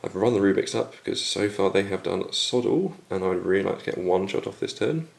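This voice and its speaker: A man recapping his turn in a tabletop wargame battle report, going hoarse as he loses his voice. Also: low voice, fairly quick. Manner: steady recap of dice results. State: losing his voice. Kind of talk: casual battle report commentary.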